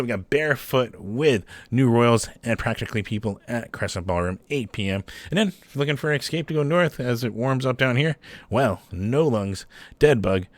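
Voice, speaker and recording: A man's voice: fairly low pitch, dry recording. A man hosting a casual rundown of local shows, rambling and enthusiastic, swearing and often asking "right?". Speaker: host. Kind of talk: casual show listings.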